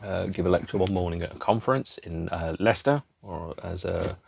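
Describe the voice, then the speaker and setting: A man's voice: low-pitched, brisk, vocal fry, slightly rough. A man hosting a podcast alone, rambling and digressing casually as he muses aloud. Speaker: podcast host. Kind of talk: casual solo chat.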